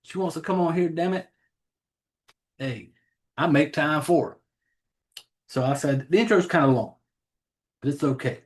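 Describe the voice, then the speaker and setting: A man's voice: fairly high pitch, unhurried, long pauses. Rambling Southern man hosting a podcast. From Southern United States. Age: adult, has a child. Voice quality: rambling, profane, self-deprecating about names. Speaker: horror podcast host. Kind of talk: casual chat.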